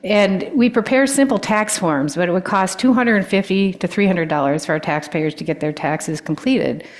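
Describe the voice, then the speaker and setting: A woman, an older guest speaker giving a personal talk with stories, often pausing with ums and restarting sentences. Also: fairly low pitch. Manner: warm storytelling, with frequent ums and restarts.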